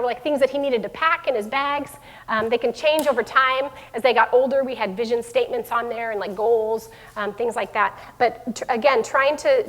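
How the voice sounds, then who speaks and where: A middle-aged woman who heads a school division gives a live parenting talk to parents in a room, with a long hall reverb on the recording. Her voice is fairly high and fairly bright, and she speaks conversationally with many fillers and restarts.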